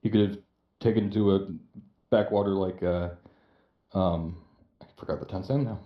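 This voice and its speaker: A man's voice: deep voice, fairly even intonation, moderate pace, roomy sound, dull audio. A man playing in a tabletop game, talking hesitantly with many fillers. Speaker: player. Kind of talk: casual chat.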